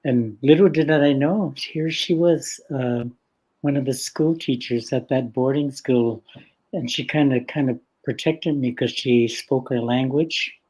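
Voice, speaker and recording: An older man from the west coast of Vancouver Island, a guest storyteller telling stories in an unhurried, gentle way with frequent laughter. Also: mid-range voice, breathy edge, low-quality recording. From west coast of Vancouver Island, Canada. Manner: unhurried and gentle, laughs often between phrases. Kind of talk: casual spoken storytelling.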